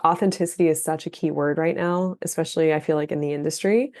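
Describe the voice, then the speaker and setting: A woman's voice: low voice, steady tone, fast, darkish tone. A woman guest on an interview podcast, a dance facilitator and coach, talking earnestly and reflectively with loose fillers. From Florida. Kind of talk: conversational interview. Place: West Palm Beach.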